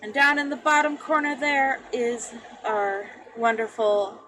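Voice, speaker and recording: A woman runs a tabletop game as game master. She talks slowly and in an unhurried, reassuring way, and her voice has a bright, clear edge. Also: on the high side, soft background music, low-quality recording. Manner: unhurried, reassuring, repeats "it's fine". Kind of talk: casual tabletop game banter.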